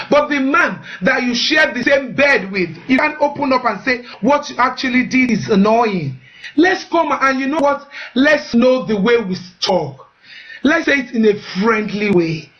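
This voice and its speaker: Bright woman giving marriage advice. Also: sits high, highs cut off. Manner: earnest, repeats herself, often asks "you know what?". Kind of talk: live-streamed advice talk.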